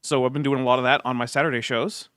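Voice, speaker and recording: A man hosting a casual livestream chat, talking in a relaxed way with lots of uhs and restarts. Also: medium pitch, fast talker, clean tone, no room sound, studio quality. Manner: relaxed, filler-heavy talk with frequent uhs and restarts. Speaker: host.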